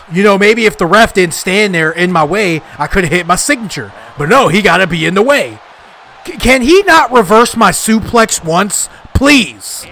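A young man giving excitable, frustrated live commentary while playing a video game, trash-talking and yelling at the screen. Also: sits high, moderate pace. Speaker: gaming YouTuber.

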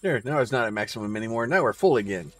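A woman's voice: rumbling low, expressive, very fast, dry recording. A woman streamer giving let's-play commentary, giggling and amused.

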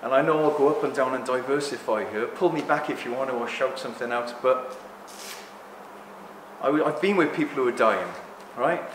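A man giving a rambling, joking live talk to an audience, speaking loudly without a microphone. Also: mid-range voice, normal speed. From Greek heritage. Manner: jokey, rambling, loud. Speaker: guest speaker. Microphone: no microphone, room recording. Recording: echoey room with background noise.

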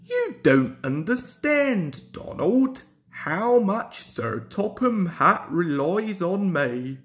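Guy putting on a fussy proud little engine, a bit higher, full of himself. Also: sing-song, drawn-out words, fairly bright tone, full character voice. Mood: self-important. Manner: self-important, indignant.

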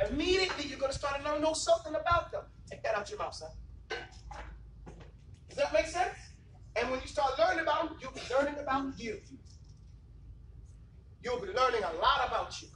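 A high-pitched man gives an emphatic, preachy classroom lecture, often stopping to ask the students whether they follow. He is picked up from across an echoey room, with a faint hiss underneath. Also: a bit bright, recorded from a distance. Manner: emphatic, preachy, keeps asking the class rhetorical questions. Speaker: Islamic teacher. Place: classroom, indoors.

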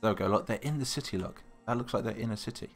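A young British man talks very fast in a fairly low voice while live-streaming over soft background music. He chats casually, thinking aloud as he answers viewers' comments.

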